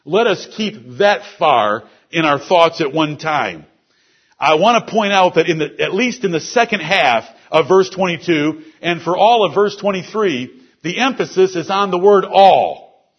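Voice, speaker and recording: High-voiced husky male preacher. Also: animated, measured pace, muffled recording. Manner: explains scripture word by word. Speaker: pastor. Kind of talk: expository sermon. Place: church service.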